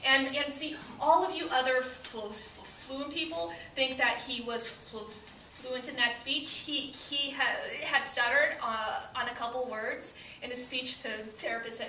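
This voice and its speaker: A woman's voice: sits high, fairly even intonation, a little slow, hardly any pauses, sharp tone, reverberant, recorded from a distance, a little hiss or hum. A woman performing stand-up comedy before a live audience, speaking with a stutter full of repeated sounds.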